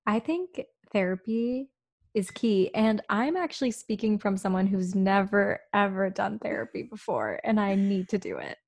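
A woman's voice: medium pitch, animated, normal speed. A young woman co-hosting a podcast, speaking candidly and reflectively with frequent "like" fillers. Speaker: podcast co-host. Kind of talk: casual podcast chat.

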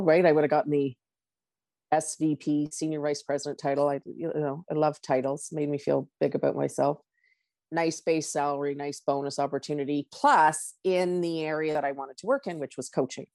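A middle-aged woman with a low, gravelly voice tells a personal story in a candid monologue. She is a coach and voices her own inner dialogue. The sound is dry and close. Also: darkish tone, dry recording.

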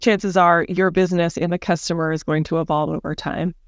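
A woman's voice: on the low side, little pitch movement, brisk, clear, resonant tone, no room sound, clean studio sound. A woman, a senior director and podcast guest, explaining her company's services in an upbeat, enthusiastic way. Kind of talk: business podcast interview.

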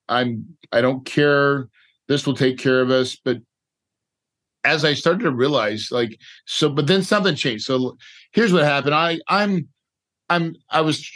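A man's voice: a little high, measured pace, a bit bright. A middle-aged man, a podcast guest, telling a personal story in an emotional, repetitive way, often tagging lines with "right?" and "dude". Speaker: podcast guest, real estate investor. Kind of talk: candid storytelling interview.

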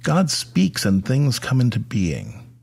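A man's voice: medium pitch, wildly swooping pitch, takes it slowly, vocal fry, darkish tone, husky. A middle-aged man hosting a podcast, speaking to fathers about faith in a conversational way with frequent fillers and restarts. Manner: conversational, with many fillers and repeated words. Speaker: podcast host. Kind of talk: faith talk addressed to fathers.

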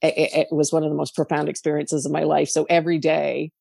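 Middle-aged Canadian woman, low voice, animated storyteller, dry close recording. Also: fast, creaky, slightly rough, no room sound. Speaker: podcast guest, coach. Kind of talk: casual interview talk.

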